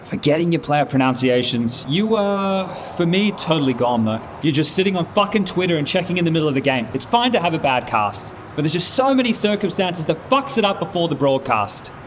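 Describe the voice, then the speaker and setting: A man's voice: fairly high pitch, big pitch swings, brisk, hardly any pauses, a little hiss or hum. A man playing an angry esports team lead scolding a colleague in a comedy sketch, swearing often.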